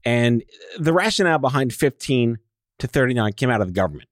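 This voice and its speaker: A man's voice: medium pitch, sing-song, a little fast, no room sound, clean studio sound. A man hosting a casual radio interview, joking and teasing his guest. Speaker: radio host.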